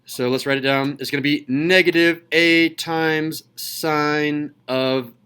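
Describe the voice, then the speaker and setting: A young man teaching a high school math class in a classroom, playful and jokey in manner. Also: fairly even intonation, slow, pushed and bright, clear, resonant tone, low-quality recording. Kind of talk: classroom lecture.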